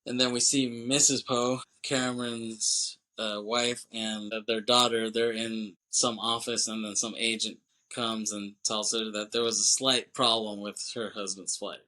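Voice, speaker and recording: Animated podcast man recapping a movie. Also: lowish voice, unhurried, few pauses. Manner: animated retelling, acts out character lines, laughs often, swears. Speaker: podcast host.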